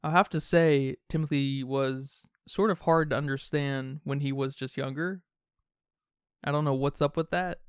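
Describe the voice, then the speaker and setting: A man co-hosting a podcast, talking casually about a film in quick, animated bursts. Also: a little high, clean tone, no room sound, studio quality. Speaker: podcast co-host.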